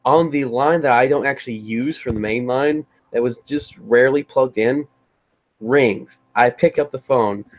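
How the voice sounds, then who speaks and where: A man's voice: medium pitch, moderate pace. Matter-of-fact man in casual chat. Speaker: podcast co-host.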